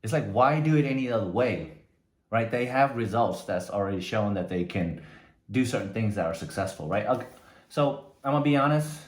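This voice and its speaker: In an echoey room, a motivational speaker with a lowish, expressive voice talks briskly and conversationally, frequently tagging his points with "right?".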